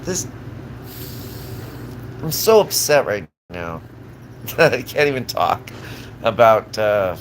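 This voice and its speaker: A man's voice: lowish voice, big pitch swings, slow pace, pauses often, slight background noise, poor audio. A man from Southern California, ranting on a live stream in an agitated, profane, rambling way full of restarts.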